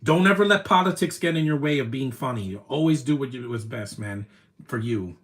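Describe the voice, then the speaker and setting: A man streaming his reaction to a movie, talking in an emotional, rambling way with many "man" tags and the odd loud taunt. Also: mid-range voice, lively intonation, brisk. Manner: soft-spoken, with sudden loud taunting outbursts. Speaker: live streamer.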